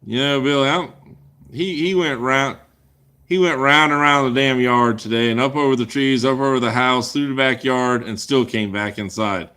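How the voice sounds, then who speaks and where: Man, livestream host, casual chat Q&A, rambling, crude joking banter, mid-pitched voice. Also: normal speed, bright, forceful tone, clean tone.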